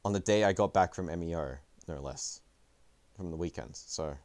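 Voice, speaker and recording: A young man talking on a livestream in a deep, low voice. He rambles and swears freely, mocking himself as he goes. It is loose, off-the-cuff commentary. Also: normal speed, darkish tone. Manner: rambling, profane, self-deprecating. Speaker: esports player and streamer.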